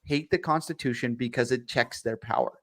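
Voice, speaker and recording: Mid-pitched man explaining with fillers. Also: fairly quick, a bit bright. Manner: explains with many fillers, laughs easily. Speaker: co-host. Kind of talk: casual political commentary.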